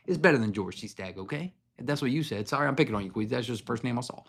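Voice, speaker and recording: A man's voice: medium pitch, lively intonation, a little fast, slightly rough. A man hosting a whiskey livestream from his home, chatting loosely and joking as he walks to his garage holding his phone. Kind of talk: casual livestream chat. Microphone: handheld phone.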